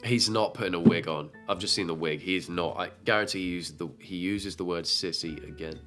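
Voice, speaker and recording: Host: young guy, low-pitched, joking sarcastic commentary. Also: brisk, a bit bright, faint music behind. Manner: sarcastic, jokey, laughs often. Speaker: reaction video host. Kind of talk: casual commentary.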